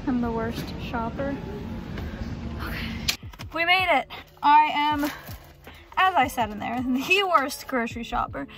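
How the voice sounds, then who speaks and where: A woman's voice: high-pitched, animated, slow pace, long pauses. A young woman vlogging her day in a chatty, self-mocking way, sometimes dropping to a near whisper. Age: young adult. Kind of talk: casual vlog chat.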